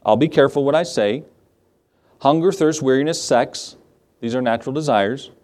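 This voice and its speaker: A man's voice: medium pitch, moderate pace, darkish tone. A middle-aged man, a pastor, preaching a sermon in a conversational way and often asking his listeners questions.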